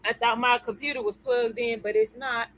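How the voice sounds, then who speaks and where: A woman's voice: fairly high pitch, fairly even intonation, normal speed, fairly bright tone, rough recording. A woman hosting a live-stream lesson. She talks in a chatty way, greets viewers by name and keeps checking in with "okay?" and "y'all.". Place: at home computer.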